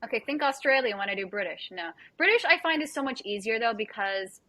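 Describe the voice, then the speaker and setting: Bright chatty woman host. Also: a little high, expressive, a little fast, dry recording. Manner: chatty, quotes herself often. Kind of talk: casual chat.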